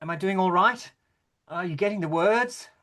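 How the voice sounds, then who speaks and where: A man's voice: sits high, moderate pace, a bit bright. A man playing a fragile, fussy older king in a rehearsal over a video call, hesitant and apologetic with little stammers. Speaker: actor in rehearsal.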